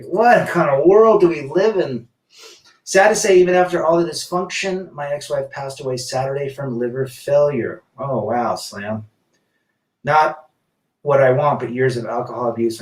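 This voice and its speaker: A man's voice: mid-range voice, distant mic. Rambling blunt man on a roomy live stream. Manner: rambling and blunt, with many restarts. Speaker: live-stream host reading viewer chat. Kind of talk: casual live-stream chat.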